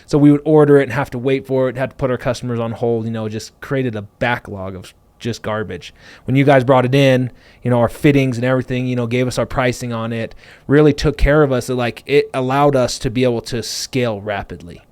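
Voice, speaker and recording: A man's voice: mid-range voice, clear, resonant tone, no echo. A man hosting a podcast, telling his business story in a loose, rambling way full of fillers. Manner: fast, animated, full of fillers like "like" and "you know". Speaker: podcast host and business owner. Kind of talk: casual conversational storytelling.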